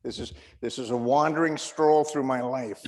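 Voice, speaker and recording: A Canadian man hosts a stand-up comedy set over a video call, bantering and poking fun at himself. His voice sits at an ordinary middle pitch. It comes through with a long, hall-like reverb. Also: fairly even intonation, a little mellow. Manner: chatty, self-mocking, quick banter. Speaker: stand-up comedian hosting an online show.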